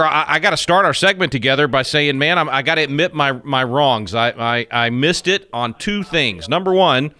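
A man's voice: medium pitch, bright, forceful tone, smooth, no echo. A man co-hosting a talk radio show, upbeat and jokey, with frequent restarts. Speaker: radio co-host. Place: home radio studio.

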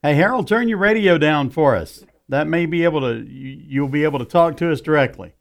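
A man's voice: on the high side, a little fast. A man co-hosting a radio call-in show, taking callers in an easygoing, wry way in a studio. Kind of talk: casual radio call-in banter.

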